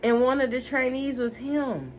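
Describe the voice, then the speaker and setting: A woman in her twenties tells a storytime vlog, animated and emphatic, talking straight to her viewers. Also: high voice, moderate pace, a little hiss or hum. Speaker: vlogger.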